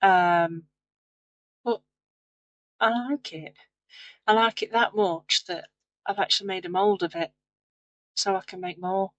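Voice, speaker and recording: A woman's voice: mid-range voice, fairly even intonation, measured pace, pauses often, low-quality recording. A tired woman narrating her clay crafting in a rambling, chatty, self-deprecating way late at night. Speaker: craft video host. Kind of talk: casual voice-over crafting narration.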